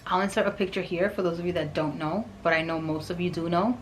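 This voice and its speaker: A woman reviewing perfume in a vlog, gushing and excitable, with soft whispered asides. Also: fairly low pitch, quick pace, slight background noise, poor audio. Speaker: fragrance reviewer.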